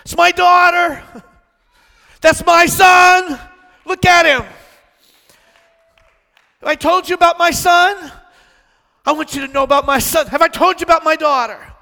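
God as a jubilant, proud father, put on by a man preacher, shouts high and bright about his children, the words ringing through a big reverberant hall. The voice is strained upward and thrilled. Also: steady tone, measured pace, gravelly, long pauses, full character voice. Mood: proud, exultant.

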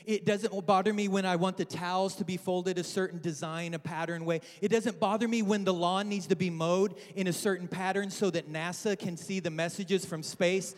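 A man's voice: high-pitched, steady tone, normal speed, few pauses. A man in his thirties preaching a humorous sermon, telling family stories and joking with the congregation. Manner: storytelling, joking with the congregation, acting out family voices. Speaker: guest preacher. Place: large church with balcony. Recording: long hall reverb.

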